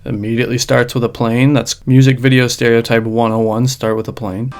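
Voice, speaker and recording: A man giving sarcastic, wry commentary in a comedic reaction video, recorded in his own dark room. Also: mid-range voice, level tone, brisk, a little hiss or hum. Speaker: video host.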